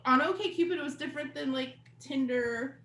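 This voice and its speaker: A woman doing a stand-up comedy set, talking conversationally and swearing, with sudden loud outbursts. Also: high voice, moderate pace. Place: comedy venue with live audience. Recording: echoey room, faint background noise.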